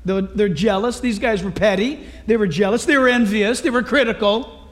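Male pastor, very high voice, lively and joking, conversational sermon delivery. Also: normal speed. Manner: lively, conversational, humorous preaching.

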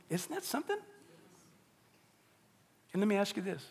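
A middle-aged man preaching a sermon as pastor, telling a story with animated delivery and acting out the voices of the people in it. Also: sits high, moderate pace, pauses often. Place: church sanctuary. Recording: long reverb of a large hall.

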